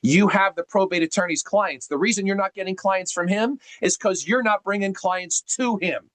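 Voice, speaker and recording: Guy coaching on a video call, kinda high pitched, punchy and teachy, asks lots of rhetorical questions. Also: moderate pace, fairly bright tone, no room sound, poor audio. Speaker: sales coach.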